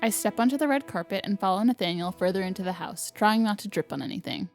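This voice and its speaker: A woman's voice: medium pitch, lively intonation, fast, soft background music. Woman reading a visual novel aloud. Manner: reads narration evenly, laughs between lines. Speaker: let's player.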